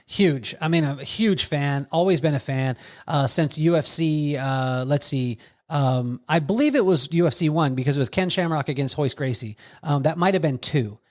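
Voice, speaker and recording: A man telling stories on a podcast with a somewhat high voice. He talks in an animated way and acts out other people's lines as he quotes them. He sounds like a relaxed guest recounting anecdotes. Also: moderate pace. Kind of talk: storytelling conversation.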